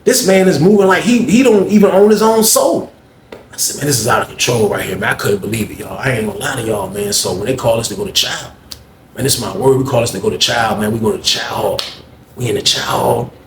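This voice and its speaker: A man with a mid-range voice casually tells viewers a story, talking a little fast in a slangy, rambling way and often calling them y'all. The recording has roomy echo, faint ambience, and slight background noise.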